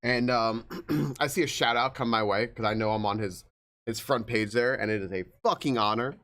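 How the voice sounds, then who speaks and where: A man's voice: mid-range voice, normal speed, fairly bright tone. A man streaming live, chatting casually and greeting viewers by name, with frequent swearing. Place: home streaming room.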